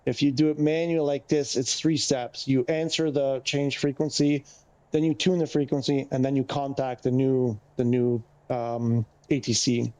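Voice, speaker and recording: Into a headset mic, a man streaming a flight game explains the radio steps in casual, chatty, wandering commentary, sounding slightly winded. His voice is medium-pitched, a little mellow, and flat in delivery, at a moderate pace.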